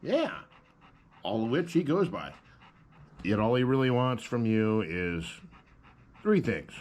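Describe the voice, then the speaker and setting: Lively, slow-talking man vlogger. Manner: high sing-song voice when talking to his dog; relaxed, easygoing narration. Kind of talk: casual vlog chat. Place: at home with a dog.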